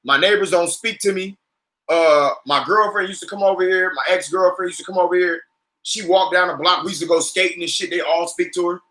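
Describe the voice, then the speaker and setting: A man hosting a casual podcast, telling comedic stories in a profane, animated rant that breaks into shouting. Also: high-pitched, brisk. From California. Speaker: podcast host.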